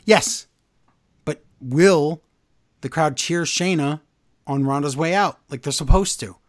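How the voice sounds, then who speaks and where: Speaking slowly, a man co-hosts a wrestling podcast and recaps the week's shows in casual conversation. He gets more and more exasperated and incredulous, his animated voice climbing high in disbelief. The recording is dry and studio quality.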